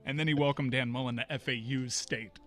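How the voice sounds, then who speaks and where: A man's voice: medium pitch, steady tone, brisk, a bit bright, soft background music. Dry, wisecracking male radio co-host. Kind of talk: casual radio chat.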